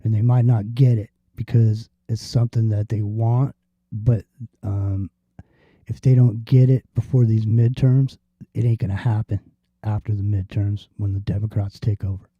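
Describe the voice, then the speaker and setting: A man's voice: on the low side, level tone, normal speed, husky, no echo. A man hosting a casual talk show, rambling and swearing freely, with lots of fillers and restarts. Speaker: podcast host. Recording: dull lo-fi sound.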